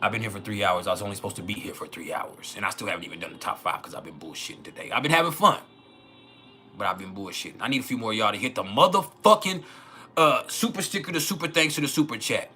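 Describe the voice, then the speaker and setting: A man's voice: lowish voice, animated, fast talker, sharp tone, slightly rough, faint music behind. A man hosting a casual astrology livestream, joking and swearing often and laughing.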